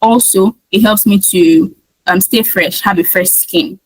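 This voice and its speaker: A woman's voice: medium pitch, unhurried, slightly rough, poor audio. A woman from Nigeria with a Nigerian accent, teaching an IELTS speaking lesson in an emphatic way and acting out sample answers. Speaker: IELTS tutor. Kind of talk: speaking-test coaching lesson.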